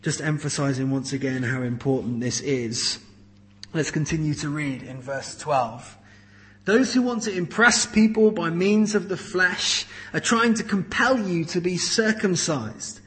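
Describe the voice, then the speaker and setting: A man's voice: a little high, unhurried, fairly bright tone. A man preaching a sermon to his congregation, emphatic and conversational, explaining scripture with everyday examples.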